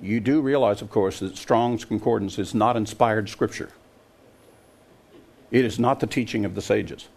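A man's voice: lowish voice, moderate pace, vocal fry, darkish tone. An older man preaching a sermon, emphatic and scoffing, often putting questions to his listeners. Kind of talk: sermon to a congregation.

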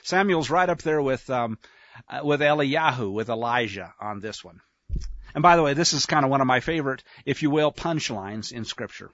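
A bright, lively man teaching the Bible. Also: a little high, normal speed, no echo, lo-fi sound. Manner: wry, chatty, acts out the dialogue. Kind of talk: casual scripture teaching with commentary.

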